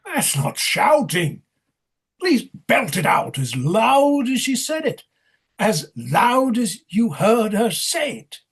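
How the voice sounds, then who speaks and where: A man's voice: very high-pitched, big pitch swings, slow pace, husky, heavily acted. A man playing a sardonic, domineering clown interrogator in a rehearsal over a video call, curt and bossy. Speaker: actor in rehearsal.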